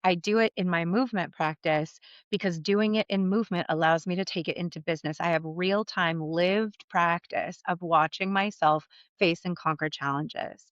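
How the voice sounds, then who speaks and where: A woman's voice: fairly low pitch, fairly even intonation, moderate pace, no echo, dull audio. A woman coach hosting her own podcast, talking candidly and conversationally and swearing casually. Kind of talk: solo podcast monologue.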